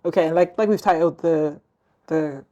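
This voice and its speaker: Young woman host, Northern Irish accent; mellow, rambling, reflective chat. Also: sits low, normal speed, dull audio. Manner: rambling, filler-heavy, reflective. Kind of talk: casual chat.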